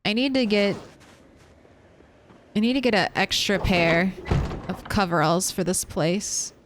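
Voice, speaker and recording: A woman's voice: mid-range voice, unhurried, noisy background. A young woman streaming a game, chatting casually as she plays, rambling between topics and swearing freely. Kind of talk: casual gameplay chat.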